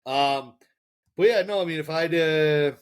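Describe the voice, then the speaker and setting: Halting, jokey podcast man. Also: fairly high pitch, clean tone. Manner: halting and jokey, with many fillers and dry sarcasm. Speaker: podcast co-host. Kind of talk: casual sports podcast chat.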